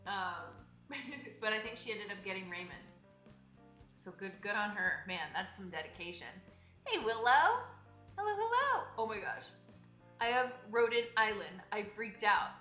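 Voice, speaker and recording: A woman's voice: medium pitch, very animated, a little slow, pushed and bright, reverberant. A young woman live-streaming a game, chatting casually and greeting viewers by name in a bubbly way. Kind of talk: casual live-stream chat while playing. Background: game music.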